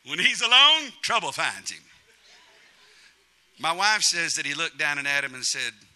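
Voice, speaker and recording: Bright-voiced joking male preacher. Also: on the high side, moderate pace, pauses often. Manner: humorous, animated preaching with acted-out quotes. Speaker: pastor. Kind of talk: sermon.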